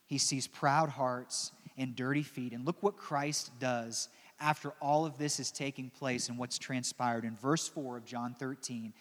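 A man preaching a sermon, telling the story dramatically, dropping into soft, slow passages and adding joking asides. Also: medium pitch, steady tone. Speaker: pastor. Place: church. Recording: long church reverb.

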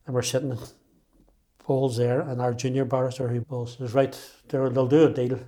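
A man in his sixties with a Derry accent talks in a mellow, darkish voice at a middling pitch. He speaks emphatically, often restarting his sentences as he tells his own story. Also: flat delivery, moderate pace. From Northern Ireland. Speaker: interviewee. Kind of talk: personal storytelling.

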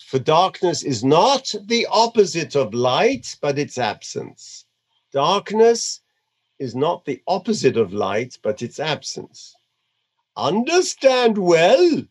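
A man doing a male Indian guru with a put-on Indian accent, reading slowly and deliberately, leaning hard on key words. The voice sits a little high and swings widely in pitch. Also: full character voice.

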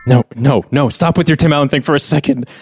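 A man's voice: mid-range voice, quick pace, slightly rough. A man hosting a comedy podcast, incredulous and exasperated at his co-host in an improvised bit.

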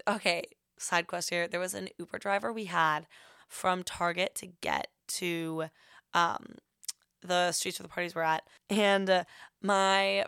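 Young female podcast host, gravelly voice, dry close sound, rambling casual storyteller. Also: fairly low pitch, fairly bright tone, no echo. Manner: rambling, heavy on filler words.

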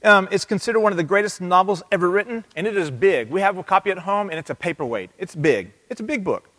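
A man preaching in a church sanctuary, his fairly high voice echoing off a large, reverberant hall. He is animated and keeps calling on the congregation to answer him. He reads from a summary as he goes. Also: fast. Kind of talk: interactive sermon.

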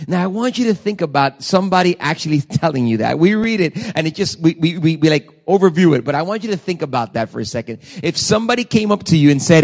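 A man's voice: high-pitched, lively intonation, fast talker, hardly any pauses, darkish tone. A man preaching a sermon, quoting scripture with dramatic emphasis and asking the congregation direct rhetorical questions. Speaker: pastor.

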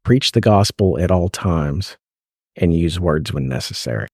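A man's voice: sits low, animated, a little slow, creaky, darkish tone, slightly rough, no echo, studio quality. A man hosting a faith podcast, asking earnest questions and quoting scripture in casual conversation. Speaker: podcast host, parent.

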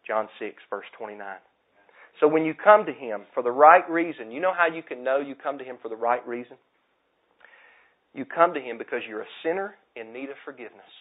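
A man preaching a sermon with passion, repeating his points and swinging from loud declarations to hushed asides. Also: mid-range voice, normal speed. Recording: tinny phone-like sound.

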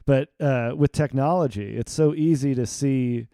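A man with a mellow, dark voice speaks calmly and steadily. The sound is dry and close. He agrees and adds measured thoughts in casual chat. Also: mid-range voice, no echo.

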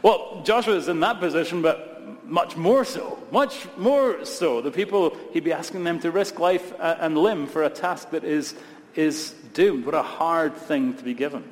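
A man's voice: fairly high pitch, moderate pace. A man from Scotland, a pastor preaching a sermon with emphatic, repeated phrases and humorous asides. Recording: long reverb of a large hall.

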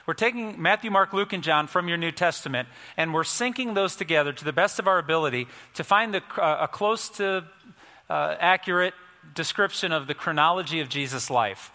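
A pastor preaches in a conversational, folksy way, his voice bright and a little high. A long reverb hangs after his words in a large church room. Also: fairly quick. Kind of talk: sermon.

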